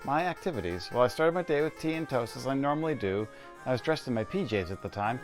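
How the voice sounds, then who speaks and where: A man's voice: mid-range voice, expressive, fast talker, over music, lightly acted. A man reading game dialogue as a pompous, easygoing king with a genteel, dismissive manner.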